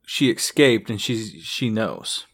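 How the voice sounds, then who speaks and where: A man's voice: fairly low pitch, lively intonation, slow, breathy edge, no echo, studio quality. A man co-hosting a casual TV recap chat, easygoing and hesitant, retelling scenes. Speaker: podcast co-host.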